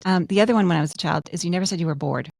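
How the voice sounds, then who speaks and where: A woman's voice: lowish voice, very fast, vocal fry, darkish tone, dry recording. A woman who is a dentist co-hosts a podcast, talking earnestly in casual chat and telling everyday examples. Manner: earnest, storytelling with quoted examples.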